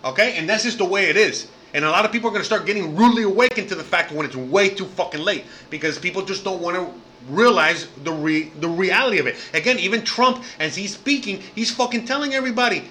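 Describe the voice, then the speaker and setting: A man's voice: high voice, lively intonation, fast, bright, forceful tone, slight background noise. A man ranting profanely in a reaction video, repeating "you know what I mean" over and over. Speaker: commentator reacting to clips.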